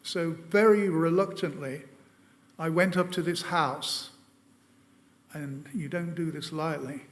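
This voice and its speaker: A man's voice: a little high, fairly even intonation, slow pace, long reverb tail. A man giving an illustrated presentation to an audience. He tells wry anecdotes and often hesitates with fillers. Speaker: lecturer.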